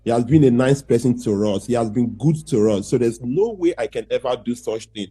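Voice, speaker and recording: A man's voice: medium pitch, fairly quick, warm tone, slightly rough, natural voice. A man playing a young defendant accused of murder, hesitant and defensive in a student courtroom role-play. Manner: hesitant, restarting sentences, pleading. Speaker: accused man testifying in a mock trial.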